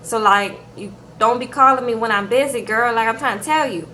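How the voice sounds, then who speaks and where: A woman's voice: a little high, a little fast, pushed and bright, slight background noise. A woman giving a chatty, sassy recap of a reality TV show to her viewers in a casual vlog, calling them girl and y'all. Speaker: reality TV reviewer.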